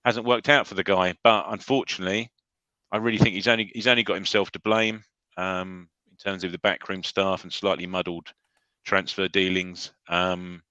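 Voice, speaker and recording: A man's voice: deep voice, steady tone, normal speed, sharp tone, dry recording, dull audio. A man from England co-hosting a fan podcast, giving hedged, thoughtful takes with the odd mild swear. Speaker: podcast co-host. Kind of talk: live reaction chat.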